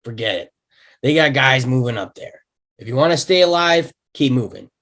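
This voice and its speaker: A man's voice: medium pitch, lively intonation, moderate pace, a bit bright, lightly acted. A man reading the part of a tough, wisecracking cop, laid-back and wry, in a table read over a video call. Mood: calm, wry.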